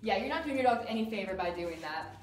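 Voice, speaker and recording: A woman dog trainer explaining crate training in a calm, firm way while working with a dog. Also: mid-range voice, fast. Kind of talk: instructional demonstration. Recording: roomy sound from a distance with music.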